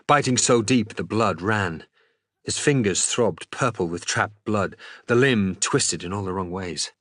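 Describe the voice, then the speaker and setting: A man reading a novel aloud in an expressive, dramatic audiobook style as a streamer. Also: fairly low pitch, unhurried, dry recording, clean studio sound.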